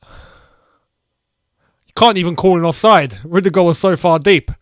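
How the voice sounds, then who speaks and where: A young man hosting a live football watchalong, reacting excitedly to play and reading viewer comments aloud. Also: high voice, normal speed, dry recording, clean studio sound. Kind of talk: live match commentary and chat.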